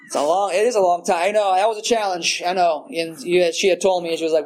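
Rambling, self-mocking man with a high voice. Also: steady tone, brisk, darkish tone. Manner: rambling and casual, heavy on "like" and "you know", swears freely; self-mocking, laughs at himself. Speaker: speaker at a recovery meeting. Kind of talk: personal share at a recovery meeting. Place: meeting room in front of a group.

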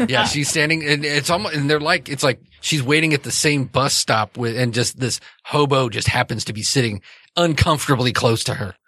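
Male game master, mid pitch, loose casual narration, close dry sound. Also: a little fast, sharp tone, no room sound. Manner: casual, hesitant narration with many fillers. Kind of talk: narrating a tabletop role-playing game.

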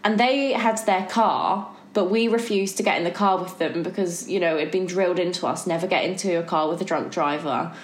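A young woman hosting a podcast, telling a story in a lively chatty way and laughing often. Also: lowish voice, brisk, few pauses. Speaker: podcast host. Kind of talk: casual storytelling chat. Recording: echoey room with faint noise.

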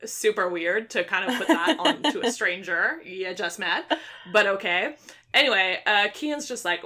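A young woman with a bright, forward voice recaps a book in casual conversation. She is opinionated and animated, jumping into the characters' lines and peppering her talk with fillers and laughter. Her delivery sounds like relaxed gossip between friends. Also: medium pitch, normal speed. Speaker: book reviewer. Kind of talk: casual chat.

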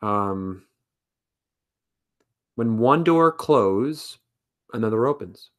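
A man answering questionnaire questions in a casual podcast chat, slow and hesitant with many ums, over a remote call. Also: on the low side, expressive. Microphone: remote call with lag.

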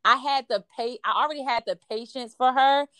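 A woman's voice: high voice, brisk, no echo. A woman telling a story in casual chat, acting out quoted dialogue with lots of fillers. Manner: animated, acts out quoted dialogue, frequent fillers.

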